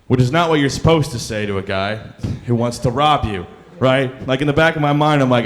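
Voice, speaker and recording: A man's voice: medium pitch, a little fast. A young man performing a stand-up comedy set, rambling and self-deprecating, with lots of fillers, on a club stage mic. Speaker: stand-up comic.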